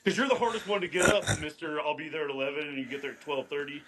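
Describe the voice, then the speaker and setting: A man's voice: a little high, fairly even intonation, rapid-fire, pushed and bright, slight background noise. A man co-hosting a podcast in casual chat, laid-back and profane, acting out what people said. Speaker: podcast co-host.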